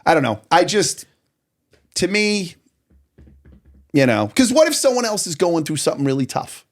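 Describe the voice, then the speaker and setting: Male co-host, higher voice that swings a lot, playful interjector. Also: big pitch swings. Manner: teasing, quick interjections. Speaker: podcast co-host. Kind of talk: casual chat.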